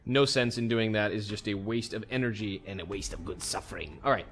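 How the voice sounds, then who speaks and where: A man's voice: on the low side, brisk, fairly bright tone. Easygoing man narrating his gameplay. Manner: easygoing, thinks aloud while playing. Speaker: let's play host. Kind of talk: casual gameplay commentary.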